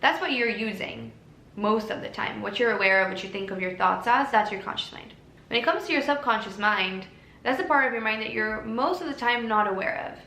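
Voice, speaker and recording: A woman giving a casual self-help talk to camera, earnest and gently encouraging. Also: on the high side, fairly quick, roomy sound, slight background noise, poor audio. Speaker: lifestyle creator.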